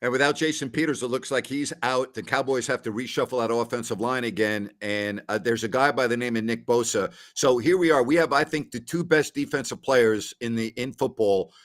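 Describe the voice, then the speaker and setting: Measured male sports talk show host. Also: mid-range voice.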